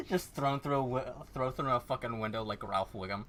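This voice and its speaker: A man's voice: mid-range voice, wildly swooping pitch, a bit bright, slight background noise. A man chatting crudely and laughing as a player in a tabletop game. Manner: laughing, crude, quick asides. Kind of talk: casual tabletop game chat.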